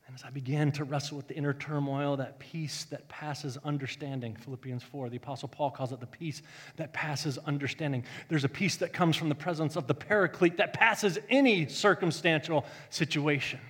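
A male pastor telling a story in a sermon, joking and animated, swinging from loud bursts to hushed tones. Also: a little high, fairly quick, slightly rough, big-room sound.

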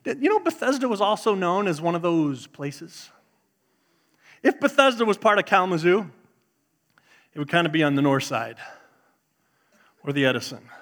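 A middle-aged man, preaching a sermon in an animated way, swinging between loud bursts and hushed asides. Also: high-pitched, moderate pace, long pauses. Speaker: pastor.

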